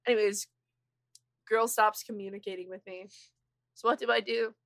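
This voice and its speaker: A young woman co-hosting a podcast, telling a story in a loud, animated way with lots of swearing. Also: medium pitch, normal speed, dry recording. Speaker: podcast co-host. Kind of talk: casual chat.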